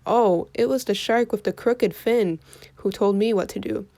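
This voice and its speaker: A woman's voice: mid-range voice, moderate pace, mellow, dry recording, studio quality, lightly acted. A woman voicing a clever, daring young boy who cries out urgently in a storybook reading. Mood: sly.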